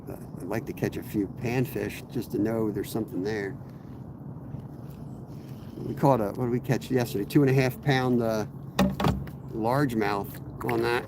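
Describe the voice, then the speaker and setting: A man, hoarse from a cold, chatting casually to live viewers while fishing from a kayak on a river, rambling and greeting people by name. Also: lowish voice, steady tone, normal speed, pauses often, noisy background. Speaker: fishing streamer.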